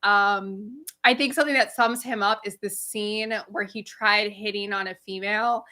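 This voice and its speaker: A woman from the United States co-hosting a casual livestream, telling stories in a relaxed, animated way. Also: medium pitch, moderate pace. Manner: relaxed, animated storytelling, says y'all. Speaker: livestream co-host.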